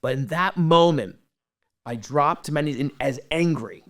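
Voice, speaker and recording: A middle-aged man telling his own story as a podcast guest, earnest and halting, often dropping to a hush. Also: fairly high pitch, no room sound, studio quality. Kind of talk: personal storytelling.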